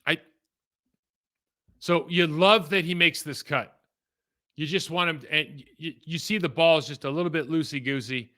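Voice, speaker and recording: A man's voice: fairly high pitch, normal speed, long pauses, sharp tone. A man casually breaking down football game film, talking in a rambling, conversational way that trails off and restarts.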